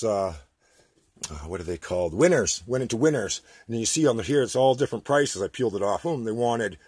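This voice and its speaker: Canadian guy ranting at his camera in his workshop, kinda husky, agitated, rambling on and on. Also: mid-range voice, darkish tone. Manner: agitated, rambling, repeats himself. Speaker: vlogger.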